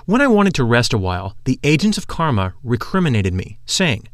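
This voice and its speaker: A man's voice: medium pitch, sing-song, fairly quick, few pauses, no room sound, clean studio sound, faint music behind. Solemn male audiobook narrator. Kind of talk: scripted narration.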